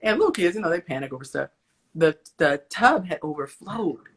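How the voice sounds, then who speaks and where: A woman and mother talking casually about faith on a live stream, an animated storyteller who acts out the dialogue. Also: sits low, normal speed, slightly rough. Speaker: guest, mother. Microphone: live stream call.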